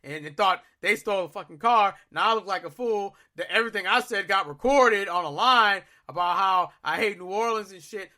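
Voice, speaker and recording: A young adult podcast host telling a story in a profane, self-mocking, animated way. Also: medium pitch.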